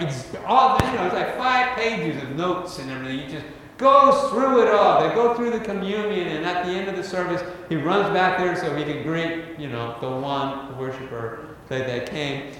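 A man's voice: high-pitched, lively intonation, normal speed, fairly bright tone, a little hiss or hum. A middle-aged male pastor telling a humorous story in a casual, folksy sermon in a church. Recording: echoey hall with long reverb, faint ambience.

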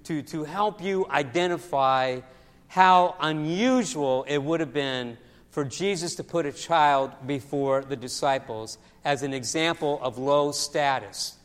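A man preaching a sermon as pastor, telling stories in a lively way and often repeating his words. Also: a little high, unhurried. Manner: storytelling, animated with acted voices, repeats words. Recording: long hall reverb.

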